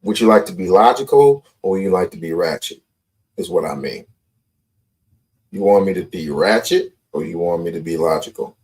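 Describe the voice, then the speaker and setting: A man's voice: deep voice, normal speed, a little mellow. A man hosting a live call-in stream, talking confrontationally and repeating his points. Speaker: livestream host.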